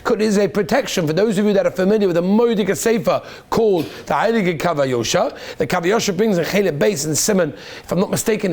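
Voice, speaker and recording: Male rabbi, bright tenor, animated teacher who keeps quizzing the class and praising answers. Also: high voice. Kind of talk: lively classroom lesson.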